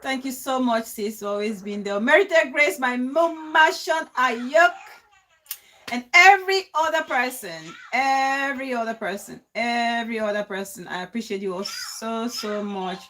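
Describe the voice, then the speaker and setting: Woman, live-stream host, casual chat, emotional and pleading, high voice, bright tone. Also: a little slow. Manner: emotional and pleading, shouting out names.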